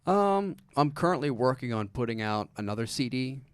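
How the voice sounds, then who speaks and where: A man who is a stand-up comedian, chatting as a guest on a podcast in a halting, self-deprecating, deadpan way, often restarting his sentences. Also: medium pitch, clear, resonant tone, no echo. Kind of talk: casual podcast chat.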